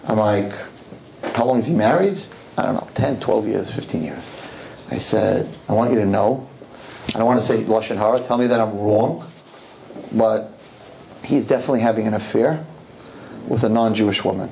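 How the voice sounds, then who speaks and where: A man's voice: fairly low pitch, normal speed, vocal fry, pauses often, warm tone, slight background noise, poor audio. A man speaking as a rabbi, telling a story to a live audience and acting out both sides of the conversation in shifting voices.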